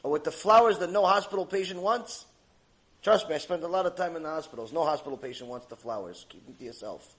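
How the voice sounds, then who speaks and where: A middle-aged man with a notably high voice delivers a mussar lecture. He rebukes his listeners with animated energy and slips into mocking bits of dialogue to make his point. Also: fast. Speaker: Torah teacher.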